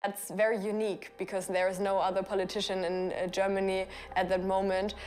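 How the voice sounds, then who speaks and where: A woman explains a point at a middle pitch, speaking hesitantly. She fills her pauses with frequent ums and uhs. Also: little pitch movement, darkish tone. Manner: hesitant, many fillers.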